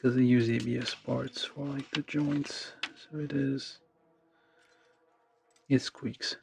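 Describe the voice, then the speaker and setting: Brief: gravelly-voiced man, slow and mumbling, streaming a model build with music underneath. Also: mid-range voice, flat delivery. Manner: mumbling, thinking aloud, many fillers. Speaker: model kit livestreamer. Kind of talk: casual talk while building. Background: background music.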